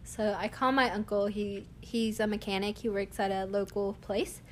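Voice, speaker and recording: A young woman, telling a long everyday story in a casual, animated way and laughing often. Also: medium pitch, moderate pace, slight background noise. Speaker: vlogger.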